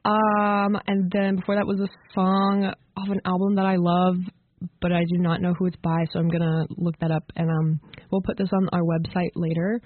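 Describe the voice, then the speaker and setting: Relaxed woman radio DJ, casual between-song banter, dry thin lo-fi sound. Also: lowish voice, moderate pace, no room sound. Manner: relaxed, chatty, eating while talking. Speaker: college radio DJ co-host. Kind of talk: casual on-air chat. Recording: dry, tinny lo-fi radio capture.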